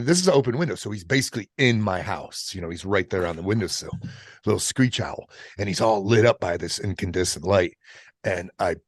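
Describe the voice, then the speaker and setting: A middle-aged man, a military veteran guest on a podcast, telling a personal story in a casual, profane way, halting and restarting as he goes. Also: sits low, no room sound, studio quality. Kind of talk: candid storytelling in an interview.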